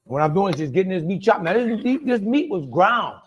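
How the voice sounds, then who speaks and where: A man's voice: high voice, sing-song, a little fast, muffled recording, noisy background. Chatty Cajun man hosting a cooking show. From Louisiana. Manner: chatty, repeats himself, talks to viewers by name. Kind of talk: live cooking demonstration.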